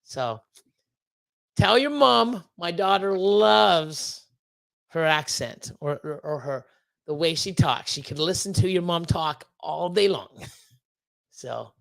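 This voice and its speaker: A man's voice: sits high, lively intonation, slow, vocal fry, long pauses, a bit bright, dry recording. A man hosting a casual livestream, rambling and swearing, with lots of fillers and repeated words. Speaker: livestream host.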